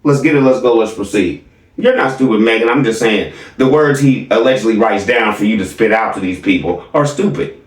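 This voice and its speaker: A man doing casual reaction commentary, mocking and animated, laughing often as he talks. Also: fairly low pitch, fairly quick, echoey room, distant mic. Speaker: reaction streamer.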